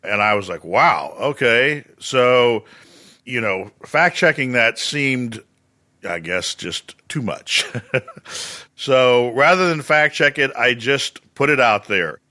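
A man with a Central Texas drawl, a radio correspondent being interviewed, telling things with dry, wry deadpan humor. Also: medium pitch.

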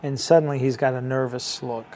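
A man trader in a documentary interview, describing things in a measured, careful way. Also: mid-range voice, steady tone, a little mellow, slight background noise.

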